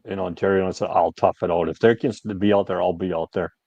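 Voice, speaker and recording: Older male co-host, deep and folksy, dry close-miked sound. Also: fairly even intonation, fast talker, vocal fry, darkish tone, no echo, muffled recording. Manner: folksy storyteller, exclaims "holy smokes". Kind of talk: casual chat.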